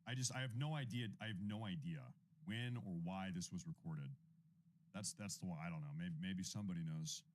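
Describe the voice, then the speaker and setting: A man in his thirties with a fairly low voice hosts an independent news livestream. His talk is loose and rambling, full of repeated phrases. He breaks off to thank viewers for their donations. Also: brisk, a little hiss or hum. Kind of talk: casual livestream commentary.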